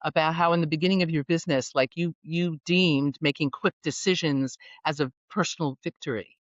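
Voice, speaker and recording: A woman executive coach talking on a podcast, animated and playful, fond of wordplay. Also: sits low, fairly quick, dry recording, muffled recording. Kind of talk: conversational podcast interview.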